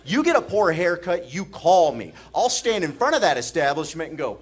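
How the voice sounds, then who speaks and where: A man's voice: a little high, moderate pace, hardly any pauses, breathy edge. A man from the American Midwest doing a stand-up comedy set on a club stage, acting out the strangers in his stories. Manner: animated, acts out drunk strangers with mumbling voices. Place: comedy club stage before a laughing audience.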